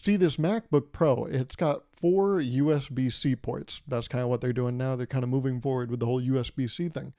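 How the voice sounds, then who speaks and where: A man's voice: mid-range voice, fairly quick, few pauses, warm tone, no room sound, clean studio sound. A young man hosting his own podcast, rambling through a casual, profane and jokey monologue. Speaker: podcast host.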